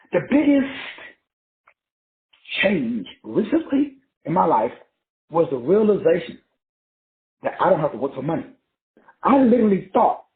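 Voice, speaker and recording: A man in his sixties, giving a casual, profane, preachy spiritual talk. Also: high-pitched. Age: 60s. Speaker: spiritual teacher. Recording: tinny phone-like audio in an echoey room.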